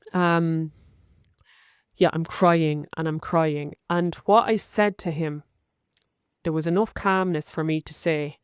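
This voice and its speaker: A woman's voice: low-pitched, a little mellow, clean tone, dry recording, clean studio sound. An Irish woman hosting a podcast, talking in a chatty, open and personal way, full of likes and rights. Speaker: podcast host. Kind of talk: casual confessional monologue.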